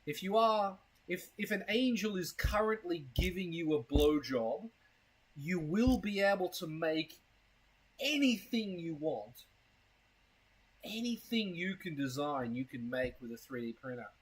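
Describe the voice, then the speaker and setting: Husky, rambling male live streamer. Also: high-pitched, animated, unhurried, rough recording. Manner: rambling, crude and self-mocking. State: has hiccups. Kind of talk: casual live-stream chat.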